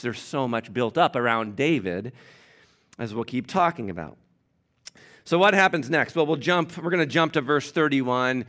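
Man, pastor, sermon, emphatic, animated, mid-pitched voice, talks to the congregation. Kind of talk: sermon teaching from scripture.

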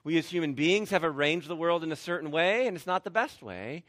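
Bright, lively preaching man. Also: a little high, a little fast. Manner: animated, sarcastic bursts and laughs. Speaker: pastor. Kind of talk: sermon.

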